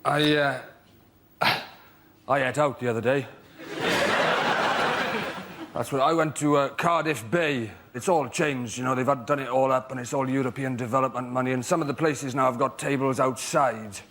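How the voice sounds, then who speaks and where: A man's voice: mid-range voice, steady tone, moderate pace, pauses often, a bit bright. A man doing stand-up on a panel show, rambling and dry. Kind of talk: stand-up routine.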